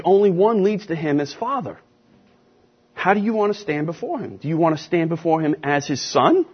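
A man preaching and teaching a Bible class, emphatic and deliberate, stressing key words with slow repetition. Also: fairly high pitch, big pitch swings, breathy edge. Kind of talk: sermon-style Bible teaching. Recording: dull lo-fi recording.

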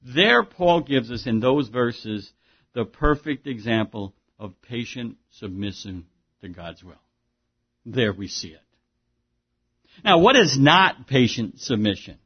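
A man's voice: mid-range voice, big pitch swings, slow pace, slightly rough. A man preaching a sermon as pastor, in a conversational way with rhetorical questions and frequent restarts. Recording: dull lo-fi sermon recording.

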